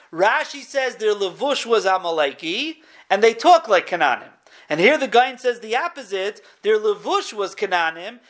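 A man's voice: high-pitched, a bit bright. A man teaching a weekly text class in a conversational way, correcting himself as he goes and mixing Hebrew terms into his English. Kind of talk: textual study lecture.

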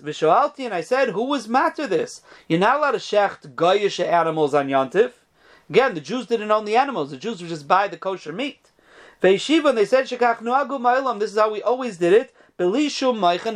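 Male lecturer, high pitch, casual explanatory Torah class. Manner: reads Hebrew quotes, then explains them in casual English with fillers. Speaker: Torah teacher. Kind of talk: lecture reading and translating rabbinic responsa.

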